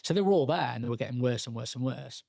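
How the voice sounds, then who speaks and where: Gravelly man telling his story. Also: mid-range voice, expressive, dark tone, no echo, clean studio sound. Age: young adult. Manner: halting, frequent restarts and fillers, quoting himself and others. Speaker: podcast guest. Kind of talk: candid personal storytelling.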